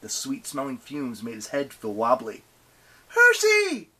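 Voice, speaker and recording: A man reading a novel aloud as an audiobook narrator, with animated, expressive delivery. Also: mid-range voice, moderate pace, breathy edge.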